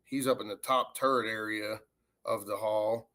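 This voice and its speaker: A man, a paranormal investigator telling a ghost story in a rambling, animated way. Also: lowish voice, moderate pace. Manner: rambling, animated retelling with acted quotes. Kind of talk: casual storytelling.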